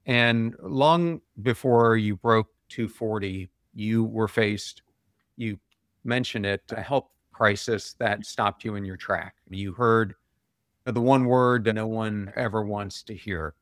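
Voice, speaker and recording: Low-voiced male interviewer. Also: takes it slowly, no echo, clean studio sound. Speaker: interview host. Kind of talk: interview questions.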